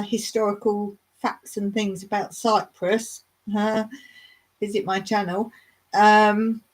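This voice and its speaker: A woman's voice: medium pitch, poor audio. A woman chatting casually with viewers on a live stream, rambling from one thing to the next and laughing often. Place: rural smallholding.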